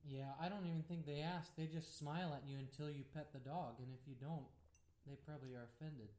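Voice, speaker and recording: A podcast co-host who gives dry, amused reactions in casual chat. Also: male voice, fairly high pitch, steady tone, brisk, a little mellow, reverberant.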